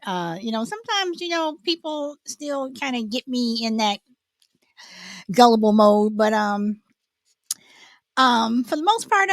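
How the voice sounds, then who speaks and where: A woman's voice: a little high, fairly bright tone, dry recording. A woman hosting a casual livestream chat, talking in loops and breaking into laughter often. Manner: laughs often, chatty and repetitive. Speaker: host.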